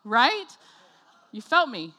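High bright animated woman preacher. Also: slow. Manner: animated storytelling, acts out voices, laughs often. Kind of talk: sermon with personal story.

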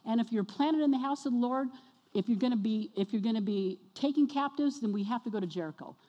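A woman preaching a sermon to her congregation, energetic and exhorting, often questioning the listeners. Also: a little high, fast talker, muffled recording. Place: church sanctuary. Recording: long reverb of a church hall.

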